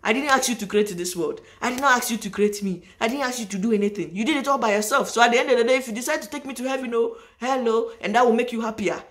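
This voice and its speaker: A woman's voice: fairly high pitch, quick pace, hardly any pauses. A woman vlogger speaks straight to her audience in a loose, unscripted monologue. She presses her points by repeating them and often breaks off mid-sentence to start again. The delivery is earnest and emphatic. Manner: emphatic, repeats phrases for stress; rambling with restarts, addresses viewers directly. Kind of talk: casual spoken monologue to camera.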